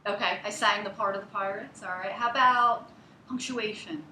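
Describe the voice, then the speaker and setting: Bright-voiced teacher woman in an echoey room. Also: medium pitch, moderate pace, slight background noise. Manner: patient, clearly explaining step by step. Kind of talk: one-on-one reading lesson.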